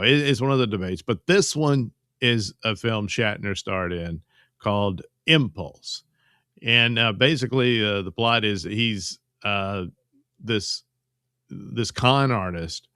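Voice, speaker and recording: A man chats through a live movie recap in a bright, forward voice, recorded close and dry. He wanders, trips over his words and chuckles often, reading chat comments along the way. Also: fairly low pitch, a little slow, clean tone, no room sound. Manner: rambling, stammering, chuckling often. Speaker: host of a live movie-review stream. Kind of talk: casual live-stream chat.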